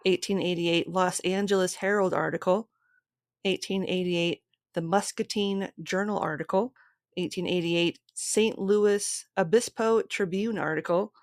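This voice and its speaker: A woman's voice: fairly low pitch, fairly even intonation, a little slow, no echo, clean studio sound. A woman hosting a podcast, steadily reading from a script and long lists of sources. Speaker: podcast host.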